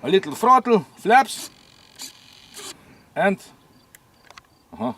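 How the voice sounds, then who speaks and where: Male host, high and animated voice, chatty hands-on review, habitual "eh?" tags. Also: slow pace, a little hiss or hum. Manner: chatty, ends phrases with a questioning "eh?". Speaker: RC model plane reviewer. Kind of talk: casual hands-on review chat.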